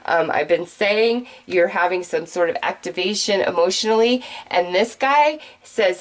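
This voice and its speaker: A woman giving a general tarot reading straight to her viewers, excitable and gushing, talking in quick bursts. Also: mid-range voice, poor audio. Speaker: tarot reader.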